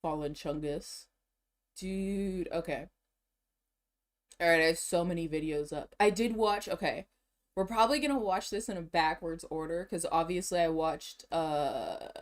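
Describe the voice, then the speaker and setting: A woman streamer chatting casually to herself while shopping and browsing online, excitable and slangy, laughing often, a bit out of breath. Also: fairly low pitch.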